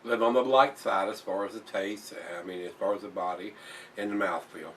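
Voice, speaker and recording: A man's voice: on the low side, fairly even intonation, fairly quick, a bit bright, distant mic, slight background noise. A man reviewing a beer in a casual vlog, blunt and plain-spoken, swearing when annoyed and repeating himself.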